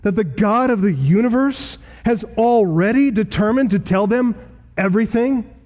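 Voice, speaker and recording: A man preaching an expository sermon as pastor, emphatic and slowing down to stress scripture quotations. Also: high-pitched, expressive, a little mellow.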